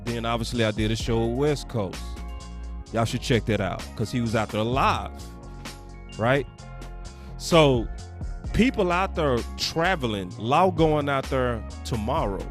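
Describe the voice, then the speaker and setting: A man hosting a sports podcast, talking directly and emphatically to his viewers in a casual style. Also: medium pitch.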